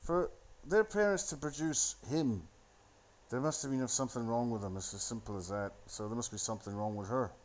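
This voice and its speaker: A man's voice: mid-range voice, a little fast, darkish tone. A man rambling into a phone, giving a sardonic, profane running commentary on a film. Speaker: solo commentator.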